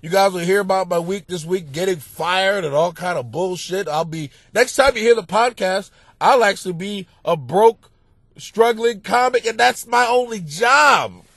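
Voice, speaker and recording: A male comedian hosting a podcast, delivering a crude, profane monologue that swings between muttering and loud yelling. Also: high-pitched, normal speed, no echo.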